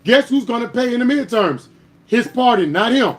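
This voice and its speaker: A man with a strikingly high voice hosts a political commentary stream, arguing emphatically and with heat, climbing into louder bursts and nailing down each point with a pointed "All right?". His intonation is lively, his speed normal, with soft background music behind him.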